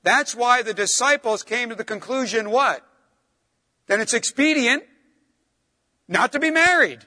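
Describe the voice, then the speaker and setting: A middle-aged man preaches with a high, bright voice that carries through a large reverberant hall. He pushes up hard on stressed words, then drops low and soft for asides. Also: animated, measured pace. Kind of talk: sermon.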